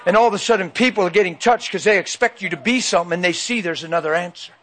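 A man's voice: high voice, quick pace, fairly bright tone. A male preacher telling a personal story in a folksy, emphatic way, acting out the dialogue. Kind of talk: sermon storytelling.

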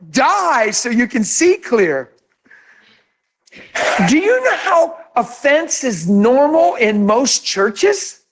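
A man preaching a sermon as pastor, animated and conversational, often laughing and acting out quotes. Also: very high voice.

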